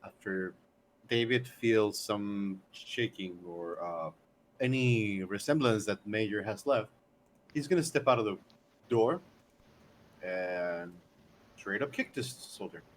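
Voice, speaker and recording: A man with a somewhat low voice describes his move in an online tabletop game. He pauses and fills gaps as he thinks, over a faint background hiss. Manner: hesitant, with fillers. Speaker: player. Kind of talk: casual tabletop game chat.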